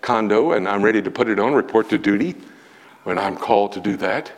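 A man's voice: lowish voice, brisk, lightly acted. A man voicing an earnest rabbi who explains temple preparations in a matter-of-fact, confiding way. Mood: explaining.

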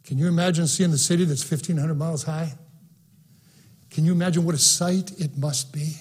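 A man's voice: on the high side, steady tone, brisk, a little mellow, breathy edge. A man preaching a sermon, repeating phrases and building to fervent, emphatic peaks. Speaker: pastor. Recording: broadcast sermon.

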